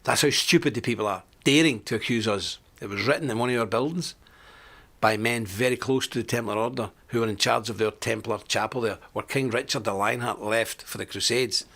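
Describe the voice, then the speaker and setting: Hosting a live online show, an older man from Scotland jokes and chats through a monologue while reading viewer comments aloud. He speaks a little fast in a medium-pitched, gravelly, slightly bright voice.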